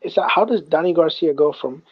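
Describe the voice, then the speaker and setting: A man's voice: fairly high pitch, expressive, a little fast, slightly rough, no room sound. A man in casual chat, asking questions in disbelief. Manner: incredulous, questioning. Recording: dull lo-fi sound.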